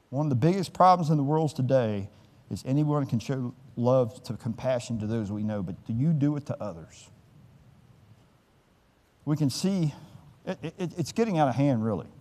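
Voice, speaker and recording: A man preaching to his congregation in a relaxed, conversational way, telling folksy stories. His voice sits at an ordinary middle pitch. It rings out with the long reverb of a church sanctuary. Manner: conversational, folksy storytelling with lively quoted voices. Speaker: pastor. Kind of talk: sermon.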